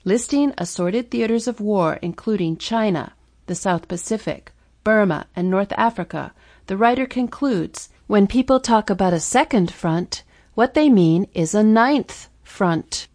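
Woman, audiobook narrator, scripted nonfiction reading, measured delivery, pointed rhetorical questions, middle pitch. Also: lively intonation, darkish tone.

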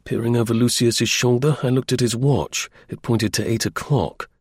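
A man reads a first-person adventure as an audiobook, measured and even. His voice is husky and mid-pitched. The recording is dry and close. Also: no room sound. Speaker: audiobook narrator.

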